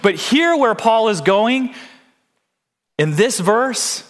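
A male pastor delivers a sermon in an earnest way. His voice sits somewhat high for a man. He keeps turning to the congregation with direct questions. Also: expressive, slow pace.

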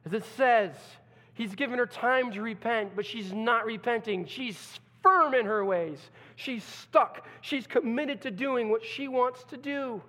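A man's voice: very high-pitched, measured pace. Male pastor delivering a dramatic sermon with acted-out quotes, in a church sanctuary with a long hall reverb. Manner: dramatic, acts out quoted voices, swings from loud to hushed.

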